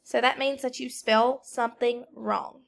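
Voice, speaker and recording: A woman teacher, speaking slowly and deliberately as she records a lesson for a substitute, calling out words for the class to repeat. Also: on the high side, steady tone, creaky.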